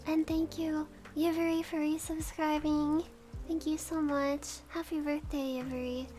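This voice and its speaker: A woman's voice: high-pitched, flat delivery, a little slow, warm tone. A woman streaming casual chat, giggly, thanking subscribers one by one. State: has the hiccups.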